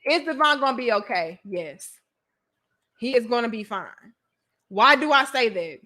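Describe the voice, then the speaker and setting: A woman host giving casual commentary straight to her viewers. Her voice is high and bright. She talks slangy and blunt, teasing the audience and swearing freely. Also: expressive, measured pace.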